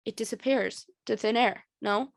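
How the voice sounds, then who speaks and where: A woman hosting a podcast, pressing her guest with follow-up questions in a casual interview. Her voice sits a little high, with a noticeable gravelly fry. It is recorded close and dry. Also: normal speed, no echo. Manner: probing, asks pointed follow-up questions. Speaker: podcast host.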